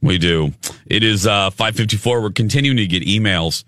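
A man's voice: lowish voice, normal speed, a bit bright, dry recording, clean studio sound. A man hosting a radio show, chatting casually and leading the segments and breaks. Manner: upbeat, chatty, runs the segment. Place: radio studio. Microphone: studio microphone.

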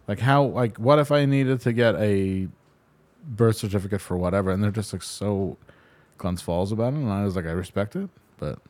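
A man's voice: lowish voice, moderate pace, darkish tone. A man in casual chat, giving brief, dry reactions and wry remarks.

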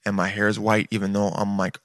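A man's voice: fairly low pitch, completely flat delivery, fairly quick, a bit bright, dry recording, studio quality. A man in his late twenties giving casual reaction commentary, swearing often and saying "dude" all the time. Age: late 20s. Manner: laid-back, swears often, says "dude" constantly. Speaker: video reactor. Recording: music playing behind the voice.

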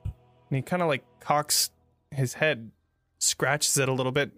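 A man's voice: medium pitch, fairly even intonation, a little slow, a bit bright, no echo, studio quality, soft background music. A man running a tabletop game as game master, narrating casually and swearing now and then.

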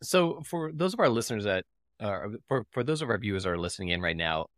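A man interviewing a guest, supportive and quick to laugh, with short agreeing interjections. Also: lowish voice, sing-song, fairly bright tone, no room sound, studio quality. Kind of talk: casual interview.

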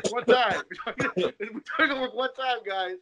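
A man telling stories in casual banter with friends, laughing often and swearing freely. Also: very high-pitched.

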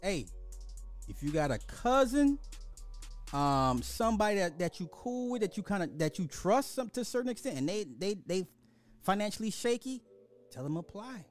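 A man's voice: sits high, very animated, normal speed, soft background music. A man hosting a podcast, ranting bluntly in casual social commentary, full of profanity and sarcastic apologies. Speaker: podcast host.

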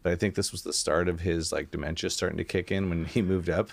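Deep-voiced man telling stories on a podcast. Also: fast talker, vocal fry. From Pacific Northwest. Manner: storytelling, animated impressions, laughs often. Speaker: podcast co-host. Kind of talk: casual chat.

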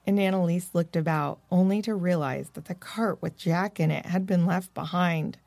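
A woman narrating a children's story in a gentle, expressive reading voice. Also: lowish voice, normal speed, creaky, dry recording. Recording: dry close-mic recording.

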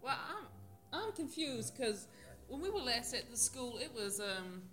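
A woman's voice: fairly high pitch, sing-song, measured pace, fairly bright tone, faint music behind. A woman playing a tabletop role-playing game in character, wry and hesitant, often giggling. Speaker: player.

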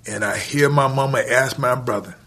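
A man telling a story from his youth in casual speech, acting out the dialogue and laughing between lines. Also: medium pitch. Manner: animated, retells scenes with quoted dialogue, laughs between lines; colloquial grammar, drawn-out pauses. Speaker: guest telling a life story.

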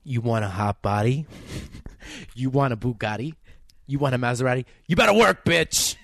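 A man doing a comic song reading as a brassy, loud diva with a thick Staten Island accent, drawn out and camp. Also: mid-range voice, expressive, moderate pace, creaky, no room sound, clean studio sound. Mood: brash.

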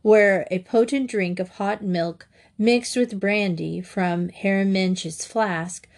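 Woman audiobook narrator, unhurried pace, mid-range voice, measured storytelling. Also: mid-range voice, steady tone, darkish tone. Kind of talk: audiobook reading of a classic novel.

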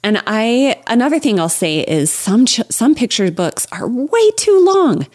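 A woman's voice: fairly high pitch, sing-song, measured pace, a little mellow. A middle-aged woman speaking as a guest expert on a podcast, enthusiastic and opinionated in casual conversation, laughing often. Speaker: guest children's book expert.

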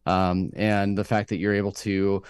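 A man co-hosting a podcast, talking through a TV episode in a thoughtful, rambling way full of fillers, his voice jumping up when he gets excited. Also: sits low, normal speed, smooth, no echo. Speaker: podcast co-host. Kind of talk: casual chat recapping a TV episode.

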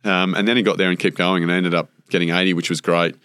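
A former Australian cricketer talks fast in a low, flat, fairly bright voice, guesting on a casual storytelling interview. His anecdotes ramble, thick with fillers and dramatized quotes. Sound is dry and studio quality.

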